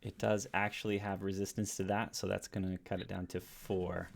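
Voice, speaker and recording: A man's voice: low-pitched, flat delivery, normal speed, creaky. A man narrating as the dungeon master of a tabletop game, in a casual way with many fillers and restarts.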